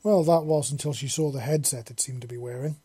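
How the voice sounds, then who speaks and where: A man's voice: medium pitch, quick pace, dark tone, slightly rough, no echo. A man reading a fan-fiction story aloud in plain narration, sometimes restarting a phrase. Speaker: story reader.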